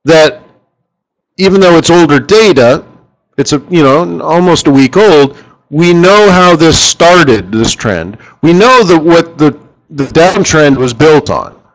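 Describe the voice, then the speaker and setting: A man hosting a live currency trading strategy session in front of a room, talking in an animated, joking way and firing off rhetorical questions at the audience. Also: fairly high pitch, slow, poor audio.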